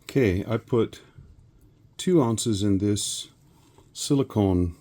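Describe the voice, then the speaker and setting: A man from South Texas chatting casually while he works, a rambling storyteller who often clears his throat. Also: lowish voice, takes it slowly, warm tone. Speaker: resin crafting vlogger.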